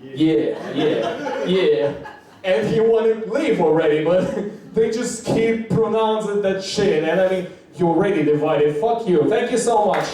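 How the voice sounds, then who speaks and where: A man doing open-mic stand-up comedy, rambling and profane, acting out quotes in high squeaky voices, in a language not his own. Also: moderate pace, few pauses, dark tone. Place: small comedy bar. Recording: echoey room from far off.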